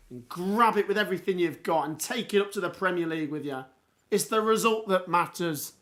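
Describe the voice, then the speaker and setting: Hoarse, excitable man. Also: high-pitched. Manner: excitable, exclamatory, reacting live. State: hoarse, voice going. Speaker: livestream watchalong host. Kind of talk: live football watchalong commentary.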